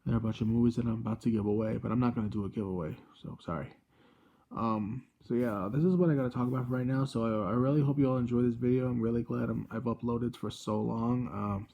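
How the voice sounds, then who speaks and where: A man in his twenties hosting a casual gadget review vlog from a room at home, rambling and halting, with constant self-corrections. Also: medium pitch, steady tone, creaky, lo-fi sound. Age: 20s. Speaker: channel host.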